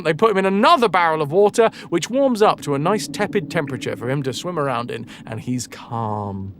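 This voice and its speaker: A man's voice: on the high side, animated, brisk, hardly any pauses, a bit bright, a little hiss or hum. A man streaming a game and casually retelling a legend, rambling, swearing and correcting himself as he goes. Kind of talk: casual storytelling while gaming.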